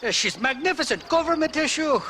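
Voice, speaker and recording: A man's voice: very high voice, very animated, brisk, sharp tone, a little hiss or hum, exaggerated voice. An actor with an Irish accent playing a whiny, sly, drunken male arms dealer. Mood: wheedling.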